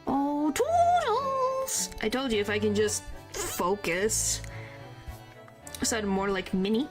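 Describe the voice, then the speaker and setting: A woman's voice: medium pitch, measured pace, faint music behind. A woman streaming a video game, chatting casually and playfully, trying out character voices. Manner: playful, tries out voices, mild exclamations.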